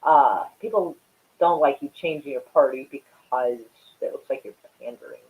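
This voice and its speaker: A woman's voice: very deep voice, normal speed. Foul-mouthed woman streamer, tinny audio. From Oklahoma. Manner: profane, rambling, often laughing at herself. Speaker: livestream host. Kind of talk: casual livestream chat reacting to viewers.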